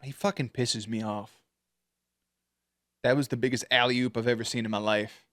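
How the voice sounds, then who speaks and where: A man's voice: mid-range voice, normal speed, no room sound, studio quality. Slangy, cussing man reacting to a show. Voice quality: profane, slangy, animated. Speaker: reaction video host. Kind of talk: casual reaction commentary.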